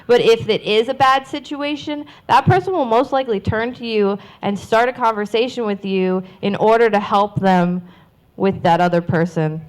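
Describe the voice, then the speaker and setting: A woman's voice: on the high side, moderate pace. Upbeat woman leading a convention panel. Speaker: panel host.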